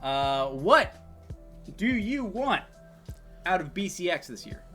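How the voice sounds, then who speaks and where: A man co-hosting a casual gaming podcast, animated, laughing often, his volume swinging from loud bursts to mumbled trailing words. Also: sits high, slow pace, soft background music. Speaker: podcast co-host. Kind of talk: casual chat.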